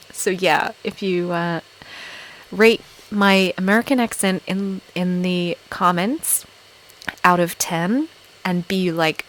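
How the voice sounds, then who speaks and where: A woman's voice: fairly low pitch, low-quality recording. A woman with an English accent, hosting a casual live-stream chat with viewers. She giggles a lot and fills her talk with "like" and "um". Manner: giggly, filler-heavy, self-deprecating. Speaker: ASMR channel host on a live stream.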